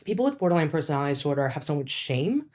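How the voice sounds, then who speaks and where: A woman with a notably low speaking voice talks through advice like a relaxed psychologist. Her delivery is casual and chatty, with frequent fillers and little asides. She slips into quoted speech with sudden jumps in pitch. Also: racing. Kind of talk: casual educational talk.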